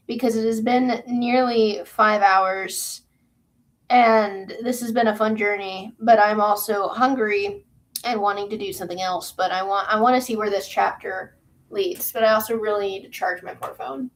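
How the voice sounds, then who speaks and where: A woman's voice: mid-range voice, fairly even intonation, measured pace, fairly bright tone. A woman reading a science fiction novel aloud on her channel, casual and chatty between passages. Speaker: booktube reader.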